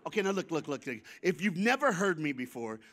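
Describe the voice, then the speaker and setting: A man delivers a storytelling sermon to a church crowd. His voice sits fairly high, and his slangy, casual delivery lurches from near-shouts to hushed asides as he gets the room to answer back. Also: fairly quick. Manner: lively storyteller with sudden shifts between loud and soft, chuckling. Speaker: guest speaker at a church. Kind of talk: storytelling sermon with call-and-response. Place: church before a congregation.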